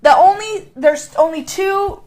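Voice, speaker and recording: A woman's voice: very high-pitched, unhurried, a little mellow. A middle-aged woman demonstrating a craft in a chatty, playful way, explaining each step. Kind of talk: casual craft tutorial.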